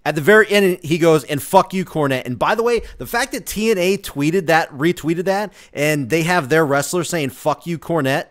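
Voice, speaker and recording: A man co-hosting a wrestling podcast in casual chat, excitable, cursing freely and restarting his sentences. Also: fairly high pitch, normal speed, hardly any pauses. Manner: excitable, swearing, trailing restarts. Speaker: podcast co-host.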